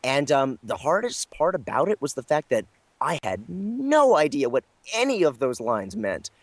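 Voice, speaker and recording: A man's voice: medium pitch, very animated, normal speed, dry recording. A man guesting as a voice actor, telling a casual, rambling anecdote with lots of fillers and self-deprecating asides. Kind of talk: casual storytelling interview.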